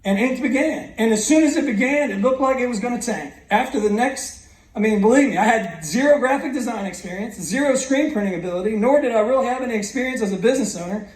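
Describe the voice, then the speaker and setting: A man's voice: very high-pitched, quick pace. A man in his thirties giving an earnest motivational speech to a graduating class, telling his own story with frequent restarts. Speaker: guest speaker. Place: large school hall. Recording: echoey hall from far off.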